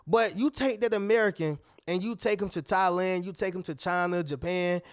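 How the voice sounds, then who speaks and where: At normal speed and with a clean tone, a man gives a motivational talk to camera in studio quality with no echo. His style is emphatic and preachy; he addresses "y'all" and "family" and often plays other people's lines in a raised voice.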